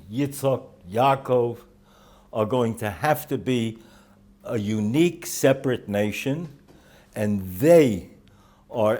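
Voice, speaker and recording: An older man speaks at a middle pitch, unhurried and halting, with frequent fillers as he gathers his thoughts. He gives a holiday talk to his students and weaves dry jokes and anecdotes into the teaching. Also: warm tone. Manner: storytelling with dry humor. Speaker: rosh yeshiva giving a talk. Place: yeshiva in Jerusalem.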